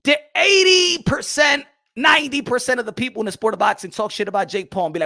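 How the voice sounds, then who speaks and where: A man ranting in a loud, profane, mocking commentary on boxing, now and then switching into Spanish phrases. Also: extremely high pitch, fast, gravelly.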